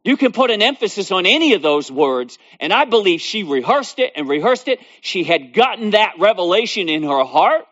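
A man delivers a sermon in a slightly high, animated voice that swoops up and down. He reads scripture, then repeats key lines with growing emphasis. The recording is dull and lo-fi. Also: moderate pace, few pauses. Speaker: preacher.

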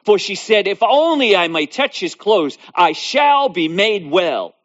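A man delivers a sermon in a slightly high, animated voice that swoops up and down. He reads scripture, then repeats key lines with growing emphasis. The recording is dull and lo-fi. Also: measured pace. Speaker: preacher.

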